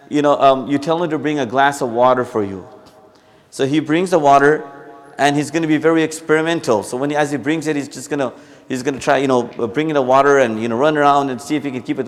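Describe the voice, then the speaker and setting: Man giving a mosque talk, higher voice. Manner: conversational, explains with acted examples and repeats himself. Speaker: mufti giving a Friday talk. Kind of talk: sermon.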